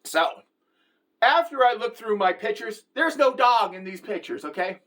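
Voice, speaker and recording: A middle-aged woman telling a comic personal story to the camera, animated and conversational, with frequent asides to the viewer. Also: on the high side, moderate pace. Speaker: comedic storyteller.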